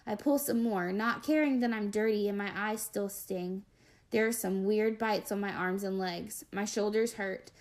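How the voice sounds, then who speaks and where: A woman reading an audiobook in the first person, telling the story expressively with dramatic, measured pauses. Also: medium pitch, darkish tone. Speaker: audiobook narrator.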